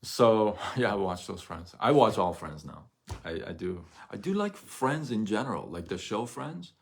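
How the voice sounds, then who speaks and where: Man, middle-aged, very deep voice, candid rambling livestream chat, restarts and chuckles. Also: big pitch swings, moderate pace, gravelly, husky. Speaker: live-stream host. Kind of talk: casual livestream talk to viewers.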